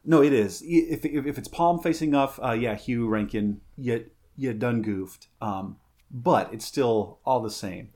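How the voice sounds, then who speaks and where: A man reading a pulp adventure story aloud in a steady, measured way, breaking off for halting, casual chat. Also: mid-range voice.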